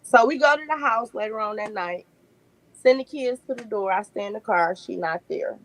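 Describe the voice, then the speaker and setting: A woman, a podcast guest telling lively family stories and laughing often. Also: mid-range voice, moderate pace, rough recording. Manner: animated storyteller, laughs often. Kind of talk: casual podcast chat.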